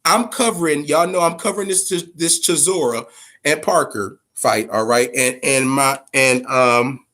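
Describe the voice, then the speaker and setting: A man's voice: medium pitch, measured pace. A man hosting a casual boxing talk show, rambling and swearing as he tells fight gossip. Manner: profane, rambling, animated. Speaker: host.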